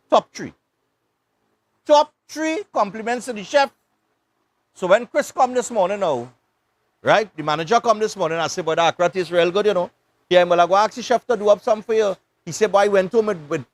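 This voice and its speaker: A Trinidadian man with a fairly high voice hosts a live morning show. He rambles through a casual story in thick island dialect, chatting loosely between segments. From Trinidad and Tobago. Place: beach club.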